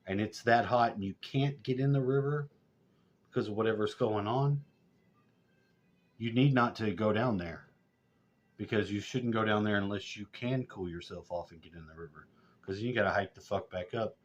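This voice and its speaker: A middle-aged man telling loose, rambling stories and swearing constantly, getting loud and high when worked up. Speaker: vlogger. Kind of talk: rambling profane storytelling. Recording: dull lo-fi sound.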